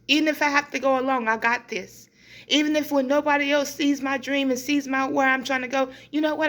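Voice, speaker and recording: A middle-aged woman hosts a community show with an earnest, heartfelt delivery. She speaks like a preacher, and her voice sits a little higher than most. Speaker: host. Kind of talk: inspirational monologue.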